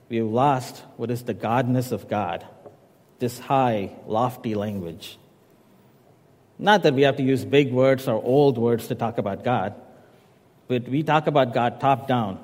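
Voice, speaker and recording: A man's voice: mid-range voice, mellow. Man preaching in a reverberant hall. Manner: measured teaching tone with casual asides. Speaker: pastor. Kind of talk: sermon. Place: church sanctuary.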